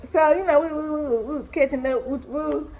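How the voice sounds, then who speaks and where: A young woman telling a personal story to her viewers in a casual, animated, emotional way. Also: high voice, fairly quick. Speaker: vlogger.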